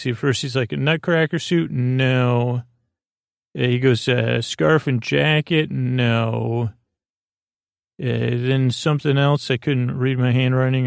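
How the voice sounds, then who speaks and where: A man hosting a sleep podcast, recapping an episode in a meandering, halting way full of fillers and restarts. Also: medium pitch, creaky, no room sound, studio quality. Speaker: podcast host.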